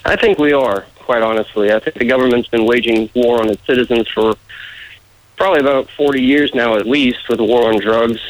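A man's voice: medium pitch, a little fast, low-quality recording. A man with a muddled mixed accent, a political candidate answering radio interview questions in an easygoing way. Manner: easygoing, laughs off teasing.

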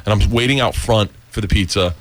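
A man as an interview guest, telling a story in casual chat with frequent laughs and an animated delivery. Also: fairly low pitch, brisk, no room sound.

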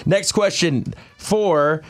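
A man's voice: fairly high pitch, extremely slow. A man co-hosting a radio show and running an on-air quiz game, upbeat and jokey, often laughing.

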